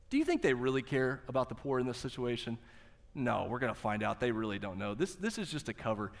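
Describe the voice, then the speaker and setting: A middle-aged male pastor giving a sermon, conversational and animated, asking the listeners rhetorical questions. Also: mid-range voice, fairly quick. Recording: long reverb of a large hall.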